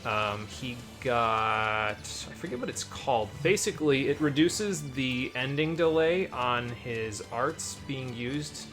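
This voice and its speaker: A man hosting a gameplay stream, casually explaining game mechanics with lots of fillers and asides. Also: mid-range voice. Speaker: streamer and host. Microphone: desk microphone, turns away to read chat. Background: game music.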